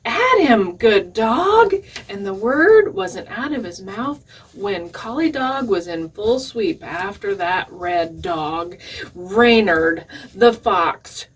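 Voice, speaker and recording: A woman librarian telling a traditional folk tale at storytime, expressive and playful, with asides to the children. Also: mid-range voice, slightly rough, far from the mic. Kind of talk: storytime reading.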